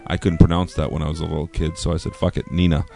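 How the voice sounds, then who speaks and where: A man telling loose, profane stories as a podcast co-host in casual chat, often dropping to a low mumble. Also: flat delivery, fast talker, creaky, warm tone, soft background music.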